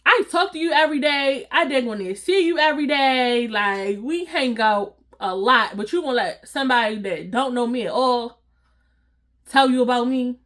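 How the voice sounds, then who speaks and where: A woman vlogger telling a casual storytime, animated and slangy, acting out what people said and laughing often. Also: high-pitched, normal speed. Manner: animated, slangy, acts out quoted voices.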